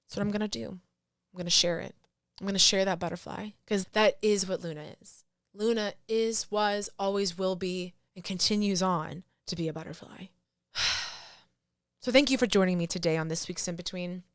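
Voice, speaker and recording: On her podcast, a woman reflects on grief in a medium-pitched voice at normal speed. She's emotional and sincere, often sighing and restarting what she's saying, and the studio-quality recording has no echo.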